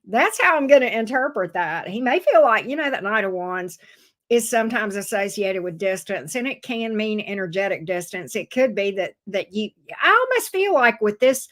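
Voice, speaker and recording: A woman's voice: medium pitch, very animated, moderate pace, fairly bright tone. A woman hosting a live-stream tarot reading, chatty and folksy, talking straight to her viewers. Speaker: tarot reader, stream host.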